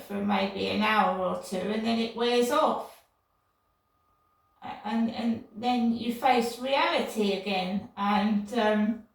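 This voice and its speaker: Older woman vlogger: slow, gravelly, indignant rambling, heard from a distance in an echoey room. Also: a little high. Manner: indignant, repetitive, digressive. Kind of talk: casual rambling monologue.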